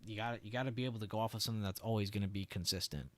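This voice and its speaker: A young man talks through his market charts on a live stream in a low, easygoing voice. He chats with viewers, swears casually and laughs easily. The sound is dry and close, with no room around it. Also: rapid-fire, no echo. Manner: relaxed, chatty, swears and laughs, answers viewers. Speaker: trading stream host.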